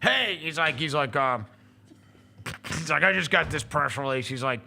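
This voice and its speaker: A man's voice: fairly high pitch, normal speed, gravelly, pushed and bright. A middle-aged man, hosting a sports talk show and telling rambling anecdotes full of fillers and restarts. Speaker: host.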